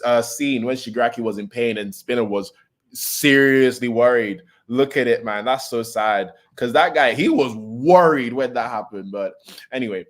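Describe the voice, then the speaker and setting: A man at an ordinary mid pitch reads manga dialogue aloud on a casual stream. He keeps breaking off with fillers, restarts and slangy comments. The delivery is loose and unpolished. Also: normal speed. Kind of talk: casual reading and reacting to manga chapters.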